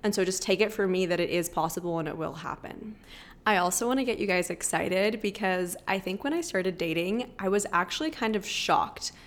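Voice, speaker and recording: A woman's voice: on the low side, a little fast. A young woman hosting a podcast, sharing personal advice in an earnest, chatty monologue. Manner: earnest, emphatic, chatty with many fillers. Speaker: podcast host.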